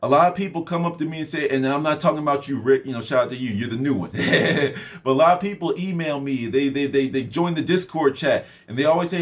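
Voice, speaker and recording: A man's voice: on the high side, quick pace. A man talking casually in a motivational vlog, rambling, laughing often and acting out the people he quotes. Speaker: motivational vlogger and mentor.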